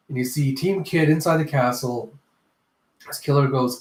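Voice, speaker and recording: A man's voice: mid-range voice, moderate pace. A man casually reviewing a comic chapter, rambling and correcting himself as he goes. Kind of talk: casual reaction commentary. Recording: echoey room.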